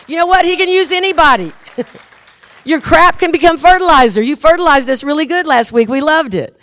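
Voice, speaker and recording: A woman preaching a sermon and leading a closing prayer, lively and laughing at times, turning earnest and quiet when she tells a story. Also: sits high, moderate pace, no echo, a faint crowd.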